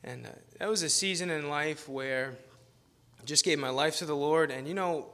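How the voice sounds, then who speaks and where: A man's voice: on the high side, normal speed, bright, forceful tone. A man preaching as a guest pastor, telling a rambling, self-deprecating story in a casual manner and laughing often. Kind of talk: informal sermon with storytelling.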